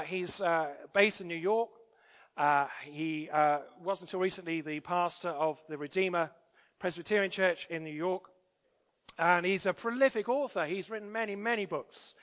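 A man's voice: sits high, fairly bright tone. A man preaching a sermon in a church, conversational with frequent fillers and restarts. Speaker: pastor. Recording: church hall reverb.

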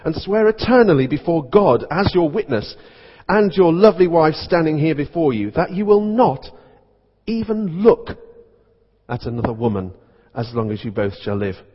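A man's voice: fairly high pitch, animated, normal speed, breathy edge. Sly vicar played by a man, mock-solemn, echoey and dull sound. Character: sly male vicar reciting mock vows.

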